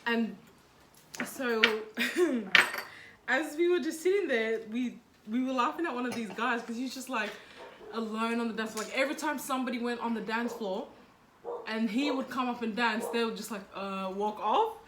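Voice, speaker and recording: A Fijian woman telling a story in casual chat over a meal, animated and laughing, with lots of fillers. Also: fairly high pitch, normal speed. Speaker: co-host. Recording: echoey room with background noise. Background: clinking cutlery and dishes.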